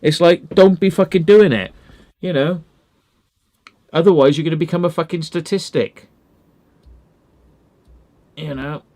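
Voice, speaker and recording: A man's voice: on the high side, a little slow, long pauses, dark tone. A man, hosting a casual commentary chat, blunt and emphatic with heavy swearing. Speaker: channel host.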